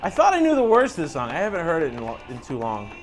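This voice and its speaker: Male co-host, playful, slightly high voice, casual gaming banter, clear music bed underneath. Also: wildly swooping pitch, quick pace. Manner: joking, sings along off-key and hums riffs. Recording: game music playing behind.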